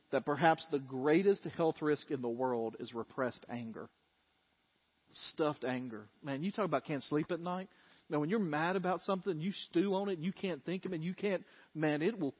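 A man preaching in a church, talking to the congregation in a folksy, chatty way. His voice sits high. The sound is dull, and a long reverb from the sanctuary trails each phrase. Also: slightly rough. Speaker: pastor. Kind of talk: sermon.

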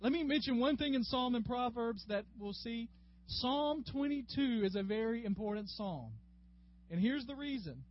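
A man's voice: very high voice, lively intonation, moderate pace. A man teaching a conversational Bible class, chatty and folksy, calling on class members by name. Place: classroom with a group. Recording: dull lo-fi room recording with faint hum.

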